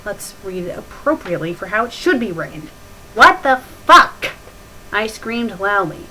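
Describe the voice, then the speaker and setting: A woman with a bright, tense voice reads a story aloud in a deadpan tone, then snaps into mocking, exasperated commentary. She plays the sarcastic host of a critique show. A faint hiss sits under the recording. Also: medium pitch, brisk, low-quality recording. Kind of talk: sarcastic dramatic reading with commentary.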